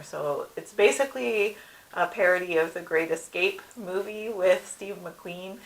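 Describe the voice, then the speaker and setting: Woman with a bright, lowish voice chatting. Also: low-quality recording. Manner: relaxed explaining, with light laughs. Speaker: podcast co-host. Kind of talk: casual episode review chat.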